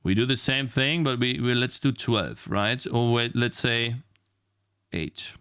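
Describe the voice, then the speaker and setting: A man's voice: mid-range voice, measured pace, fairly bright tone, clear, resonant tone. A man streaming while he works on his game, talking casually, frustrated, swearing and muttering at his computer. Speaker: indie game developer streamer. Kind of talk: casual live-stream talk while working. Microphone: streaming mic at a desk.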